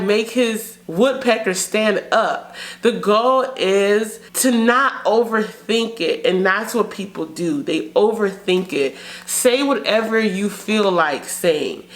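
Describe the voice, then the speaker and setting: A woman hosting her channel, giving frank, chatty advice and dropping into low sultry voices for examples. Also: a bit bright. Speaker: channel host. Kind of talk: casual advice talk to camera.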